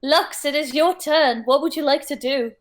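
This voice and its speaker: A woman's voice: sits high, normal speed, low-quality recording. A young woman running a tabletop game from her attic, hesitant and full of fillers. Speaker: game master. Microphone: home mic in an attic.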